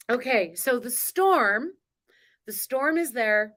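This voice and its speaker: A woman's voice: on the high side, expressive, takes it slowly, a bit bright. A woman hosting a spiritual coaching live stream, talking in a chatty, emotional way with frequent laughs. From grew up on a farm. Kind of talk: casual live-stream talk.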